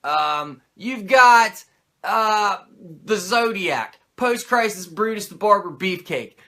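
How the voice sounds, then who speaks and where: A man's voice: high voice, lively intonation, slow, sharp tone. A male host giving a comedic, profane and sarcastic wrestling recap.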